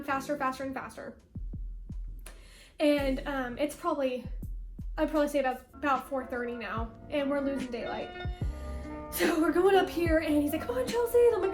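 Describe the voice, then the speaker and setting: A young woman vlogger telling a story in a casual, animated way, acting out quotes and saying "like" a lot. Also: high voice. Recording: roomy echo with faint music.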